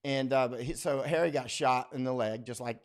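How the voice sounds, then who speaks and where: A man hosts a casual livestream, reading viewer comments and drifting into stories. His talk is folksy and blunt, full of asides and restarts, at a middling pitch. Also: fairly quick. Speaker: war correspondent and livestream host.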